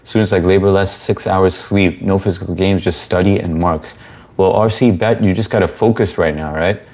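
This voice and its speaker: Young male livestream host, low voice, loose and chatty, reads chat aloud. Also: moderate pace. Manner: relaxed, chatty, reads viewer comments aloud. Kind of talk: casual live-stream Q&A.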